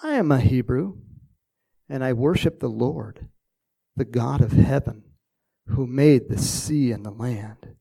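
A man's voice: medium pitch, slow, vocal fry, dark tone, slightly rough, exaggerated voice, poor audio. A man voicing a reluctant, complaining prophet in a retold Bible story. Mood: solemn. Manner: stubborn, complaining. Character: reluctant grown male prophet.

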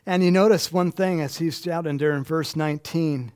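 A man's voice: a little high, steady tone, moderate pace, a little mellow, smooth. A man preaching a conversational sermon in a church, chatty and self-deprecating, laughing often. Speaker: pastor.

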